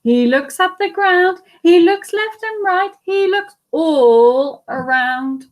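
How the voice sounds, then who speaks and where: A woman teacher reading a picture book aloud to children, animated and asking them questions. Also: extremely high pitch, slow pace. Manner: animated, asks listeners questions. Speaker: primary school teacher.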